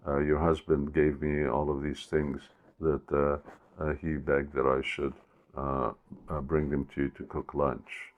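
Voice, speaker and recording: A man's voice: rumbling low, level tone, unhurried. A man voicing a small, frail, timid boy in a spoken story. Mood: pleading. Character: small frail eight-year-old boy, meek and pleading.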